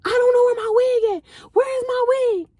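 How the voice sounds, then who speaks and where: A woman imitating her drunk young friend, yelling and wailing in a shrill voice. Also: fairly even intonation, normal speed, dry recording. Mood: whiny. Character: sloppy drunk young woman, loud and erratic.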